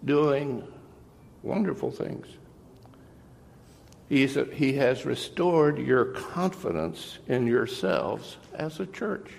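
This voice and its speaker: Gravelly-voiced interim pastor, mid pitch, earnest and measured sermon, long church reverb. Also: male voice. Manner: earnest, measured preaching with pauses. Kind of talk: farewell sermon. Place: church sanctuary.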